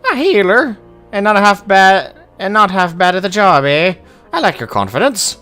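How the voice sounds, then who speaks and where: A man voicing a boisterous, gruff old dwarf hunter in a high, exaggerated brogue-like voice with hearty, blustering delivery. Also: animated, moderate pace, faint music behind. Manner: hearty, blustering, loud greetings.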